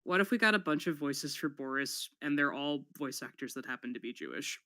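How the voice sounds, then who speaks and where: A guest on a casual chat who talks in an excitable, animated way and laughs often. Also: mid-range voice, brisk, dry recording.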